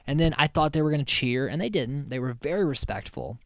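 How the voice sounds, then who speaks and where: A podcast host recaps a reality show, rambling loosely through the story and swearing plenty. His mid-range voice has lively intonation, vocal fry and a fairly quick pace. The studio-quality recording has no echo.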